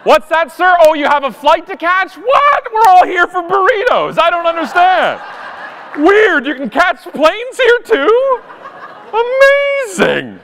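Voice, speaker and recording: A man's voice: wildly swooping pitch, slow pace, a bit bright, heavily acted. A man putting on an overpolite, sarcastic voice as a fed-up traveller in a queue. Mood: mocking. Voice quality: sarcastic, shrill.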